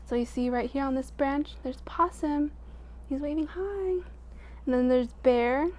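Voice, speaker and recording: Woman storyteller, slightly high voice, reads aloud to kids, lively with soft hushes. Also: a little slow. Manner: expressive, drops to a hush at quiet moments. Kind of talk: reading a picture book aloud to children.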